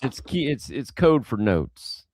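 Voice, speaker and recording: A man co-hosting a livestream, reading viewer messages and teasing the host with quick, chuckling comebacks. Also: mid-range voice, sing-song, a little mellow. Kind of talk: casual livestream chat.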